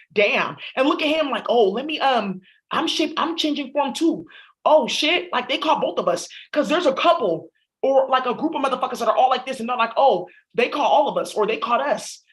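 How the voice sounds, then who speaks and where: A woman's voice: fairly high pitch, a bit bright, rough recording. Blunt, profane woman giving a spiritual reading. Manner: blunt, profane, rambling and emphatic. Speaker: astrology reader. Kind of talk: casual spiritual reading monologue.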